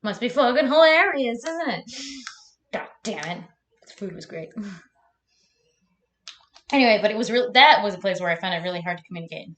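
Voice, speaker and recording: A woman's voice: on the low side, fairly quick, pauses often, fairly bright tone, slight background noise. A young woman chatting casually on a live stream, laughing often and swearing freely.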